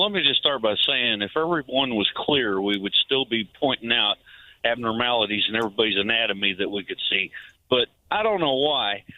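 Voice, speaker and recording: A man's voice: mid-range voice, sharp tone, no room sound. A man calling in to a radio talk show, speaking earnestly. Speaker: caller. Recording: tinny phone line.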